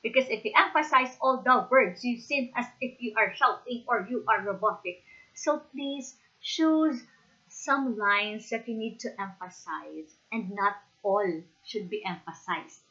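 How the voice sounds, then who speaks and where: A woman with a Filipino accent lectures in a bright, fairly high voice, stressing her points and pausing to ask "okay?" The recording is a bit dull and lo-fi. It sounds like a teacher giving a practical training talk. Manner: emphatic, repeats "okay?" to check understanding. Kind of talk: instructional lecture.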